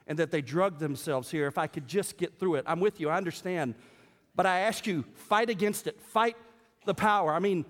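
A man preaching a sermon, moving from a relaxed, joking tone to emphatic preaching. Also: fairly high pitch, big-room sound. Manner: conversational and humorous, rising to emphatic preaching. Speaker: pastor. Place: church sanctuary.

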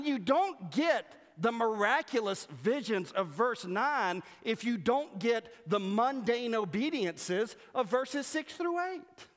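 A man preaching a sermon as pastor, animated and humorous, mimicking voices to make his points. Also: very high voice. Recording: long reverb of a church hall.

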